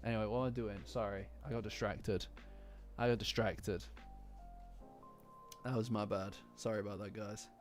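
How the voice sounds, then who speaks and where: A man from Nottingham, England, speaking with a Nottingham accent, reads a manga chapter to his live-stream chat and reacts to it. His voice is fairly low and steady at a moderate pace with long pauses; he rambles, drifts off topic and pokes fun at himself, with faint lofi music behind.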